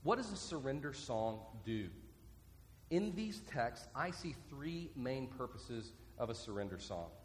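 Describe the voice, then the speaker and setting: A man preaching a sermon as pastor, earnest and repeating his key points slowly so listeners can write them down. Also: mid-range voice, sing-song, slight background noise. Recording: long reverb from a large hall.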